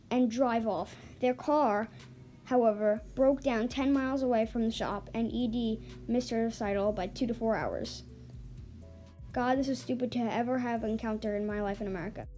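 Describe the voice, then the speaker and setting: A woman reads an online forum story aloud in a fairly high, dark, mellow voice. She stumbles now and then and restarts words. Faint music plays under her. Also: moderate pace. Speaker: story reader. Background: faint background music.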